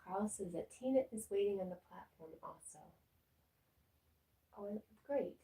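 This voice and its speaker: A woman's voice: medium pitch, a little slow, reverberant, rough recording. Woman chatting on a livestream. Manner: reads viewer comments aloud, coos softly to her dog. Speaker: livestream host reading chat. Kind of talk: casual livestream chat.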